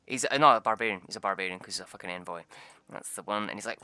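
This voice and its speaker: A man's voice: on the low side, rapid-fire, pushed and bright, dry recording. A young man, rambling through tabletop game stories, swearing and laughing often. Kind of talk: casual chat.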